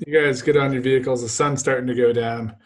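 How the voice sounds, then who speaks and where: Man narrating as game master, casual, laughs often, mid-pitched voice. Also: steady tone, fast, a little hiss or hum.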